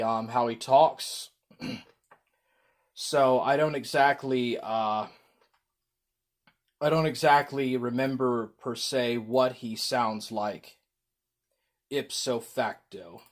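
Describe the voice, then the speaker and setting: A man's voice: medium pitch, fairly even intonation, slow, long pauses. A man chatting casually on his livestream, rambling with frequent ums while reading chat.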